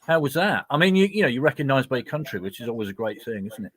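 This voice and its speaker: A man's voice: medium pitch, big pitch swings, quick pace, fairly bright tone. Chatty man hosting an interview. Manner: chatty, prompting with tag questions. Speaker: radio presenter. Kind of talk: radio interview.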